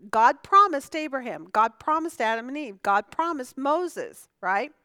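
A woman's voice: sits high, expressive, measured pace, pushed and bright, clean tone, dry recording. A woman teaching a conversational Bible lesson. She asks the class questions, answers them herself and often restarts her sentences.

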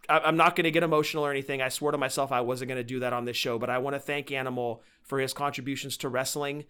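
A man with a bright, somewhat high voice speaking on a casual podcast. He talks earnestly and emphatically, pressing his opinions and dedicating the show with feeling. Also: clean tone. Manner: earnest, heartfelt tribute. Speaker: podcast co-host.

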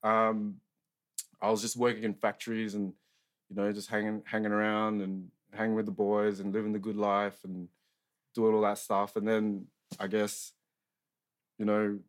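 In a casual chat, a young Australian guest shares his life story with a lowish, fairly flat voice at normal speed. The talk is rambling and profane, packed with filler words.

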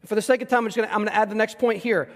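A man with a strikingly high voice preaches a verse-by-verse sermon. He is animated and emphatic, pressing rhetorical questions on his listeners and acting out the voices of the figures he describes. His voice rings out with the long reverb of a large hall. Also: rapid-fire. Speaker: pastor. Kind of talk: expository sermon.

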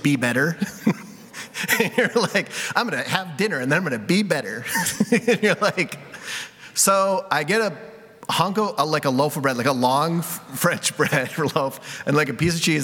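A man's voice: on the high side, normal speed, pushed and bright. A man preaching a conversational sermon, candid and self-deprecating, with many casual fillers. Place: church sanctuary. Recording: reverberant hall.

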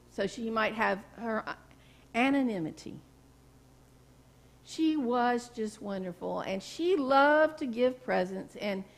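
A woman pastor preaching a sermon, telling stories in a folksy way and asking the congregation questions. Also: fairly high pitch. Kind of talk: sermon with storytelling. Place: church sanctuary.

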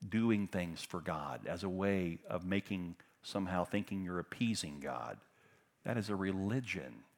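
A middle-aged man preaching a sermon, passionate, moving between loud emphatic bursts and hushed tender passages. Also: deep voice. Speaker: pastor.

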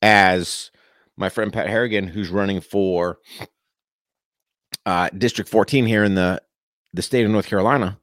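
A man delivering an impassioned, preachy monologue straight to his viewers, punching key words with sudden pitch jumps and dropping into casual slang. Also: lively intonation, moderate pace, fairly bright tone, dry recording, clean studio sound. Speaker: political commentator addressing viewers. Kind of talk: impassioned direct-to-camera monologue.

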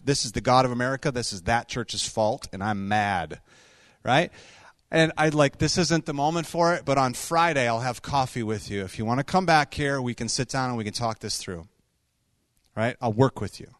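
A man's voice: mid-range voice, dry recording, studio quality. Man preaching in a storytelling voice. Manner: conversational, animated storytelling with quick asides and laughs. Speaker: pastor. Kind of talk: sermon storytelling.

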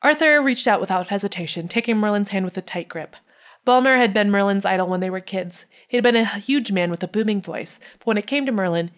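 A woman with a Midwestern accent reads fiction aloud in a relaxed podcast manner. She trips over words now and then and keeps it loose rather than polished. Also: medium pitch. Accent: Midwestern American. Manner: reads with stumbles and breaks into laughter. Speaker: reader of fan fiction on a podcast. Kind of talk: reading fiction aloud with casual chat.

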